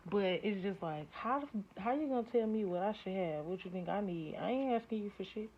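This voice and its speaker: Brisk and lively in intonation, this mid-range female voice belongs to a spiritual reader doing a casual tarot session. She's blunt and profane, frequently working herself into heated rants, and the audio is dull lo-fi with a faint hiss.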